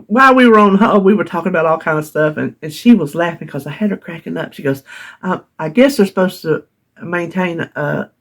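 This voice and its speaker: A woman's voice: fairly low pitch, brisk. Lady in her middle years telling a story on her vlog, talks a lot, laughs as she goes. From North Carolina, US. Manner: chatty, laughs often while telling a story. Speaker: vlogger. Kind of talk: casual storytelling.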